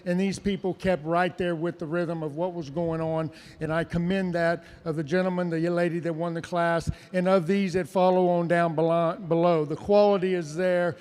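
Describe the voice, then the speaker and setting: Show judge, high-ish voice, halting and earnest, echoey arena speakers. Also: male voice, flat delivery, darkish tone, clear, resonant tone. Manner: earnest, halting, repeats himself. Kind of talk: judge's reasons over PA. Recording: echoing arena PA from afar.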